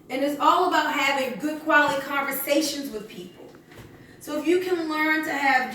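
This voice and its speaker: A high-voiced woman leads a home sales meeting, coaching her guests in an upbeat, coaxing way and throwing questions to the group. She sounds far from the mic in a very echoey room, with faint noise behind her. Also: fairly bright tone.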